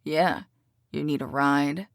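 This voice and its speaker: A woman's voice: low voice, steady tone, slow pace, no echo, clean studio sound, voice pushed down, full character voice. A woman voicing a cocky teasing bad boy. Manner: teasing, smooth, full of innuendo. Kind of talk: audiobook character reading.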